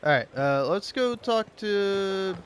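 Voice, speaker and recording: A man's voice: high voice, expressive, slow, slight background noise. Rambling, swearing young man playing a game. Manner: rambling, swearing, jokey, stammering. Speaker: gameplay streamer. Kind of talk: casual gameplay commentary.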